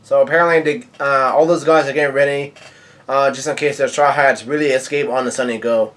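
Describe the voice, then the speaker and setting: A man's voice: medium pitch, fairly even intonation, brisk, fairly bright tone. A man casually reading comic dialogue aloud, often stumbling and correcting himself, with surprised outbursts. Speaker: manga reaction reader.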